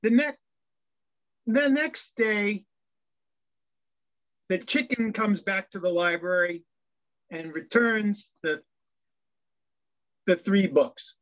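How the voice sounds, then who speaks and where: A man's voice: high voice, a bit bright. A male minister giving a sermon, telling jokes in a storyteller's way and often restarting his phrases. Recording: dull lo-fi sound.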